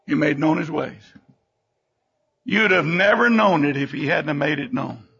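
Gravelly older preacher, dull recording. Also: male voice, moderate pace, bright, forceful tone. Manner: fervent preaching, sudden rises and drops in pitch and volume. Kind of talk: sermon.

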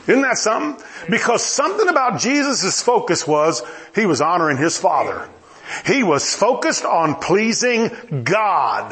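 A male preacher delivering a sermon in a high, sing-song voice that swoops up and down. He acts out the dialogue in his story with plenty of energy and breaks into wry, humorous asides. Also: sing-song, a little slow, a bit bright.

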